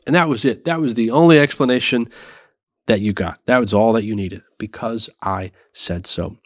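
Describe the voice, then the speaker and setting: A man in his thirties hosting a parenting show, talking in an earnest, measured and self-reflective way. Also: mid-range voice, lively intonation, dry recording, clean studio sound. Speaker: parenting podcast host. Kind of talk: reflective monologue.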